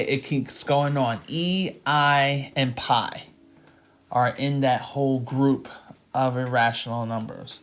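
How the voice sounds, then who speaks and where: A woman tutoring math live in a casual, chatty way. She sounds tired and fills her talk with ums and small laughs. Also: rumbling low. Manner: chatty and relaxed, with frequent fillers and laughs.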